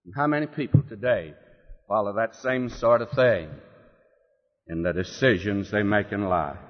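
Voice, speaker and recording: A man with a lowish voice preaches at a normal speed, giving an expository sermon. He acts out quotations with drama and asks rhetorical questions, and the hall recording sounds dull and lo-fi.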